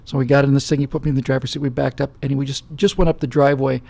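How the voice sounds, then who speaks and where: Male host, middle-aged, very gravelly and husky, casual rambling chat. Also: mid-range voice, flat delivery, racing, mellow. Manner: rambling storytelling with many fillers. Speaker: show host. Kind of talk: casual talk-show chat.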